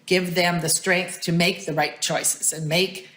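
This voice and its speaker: A woman's voice: on the low side, little pitch movement, a little slow, fairly bright tone, roomy sound. A woman hosting an interview, responding earnestly and affirming her guest. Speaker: interviewer, host. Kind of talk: interview conversation.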